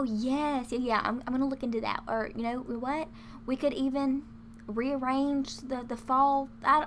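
A woman's voice: fairly high pitch, bright, forceful tone, a little hiss or hum. Chatty young woman narrating her gameplay. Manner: chatty, giggly, talks to viewers as y'all. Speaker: gaming YouTuber. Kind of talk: casual let's-play commentary.

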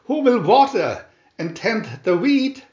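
A man voicing a fussy, hardworking little hen who clucks high and insistent. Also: expressive, takes it slowly, darkish tone, exaggerated voice. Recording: roomy, dull lo-fi home recording.

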